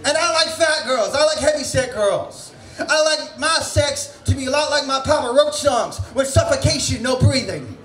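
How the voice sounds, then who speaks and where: Very high-voiced shouty male comic. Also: moderate pace, faint music behind. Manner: loud, shouty, crude punchlines. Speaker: comedian. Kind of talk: stand-up set at an open mic. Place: comedy venue stage. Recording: roomy echo of a small venue.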